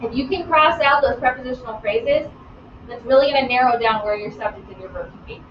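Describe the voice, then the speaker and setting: A woman teaching grammar in a live online class, lively and playful, calling on students by name. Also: a little high, fairly quick, a little hiss or hum. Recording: roomy, distant, dull sound.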